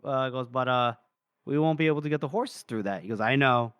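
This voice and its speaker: A man's voice: mid-range voice, a little fast, fairly bright tone, clear, resonant tone, no room sound. A young man co-hosting a podcast, animatedly retelling a book chapter in casual chat and briefly acting out the characters' lines. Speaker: podcast co-host.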